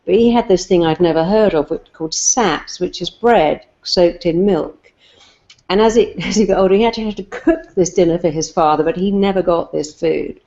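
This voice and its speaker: Earnest English woman, low mellow voice. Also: normal speed, dull audio. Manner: earnest, emphatic, repeats key phrases. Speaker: therapist guest. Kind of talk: advice and anecdotes in a talk show.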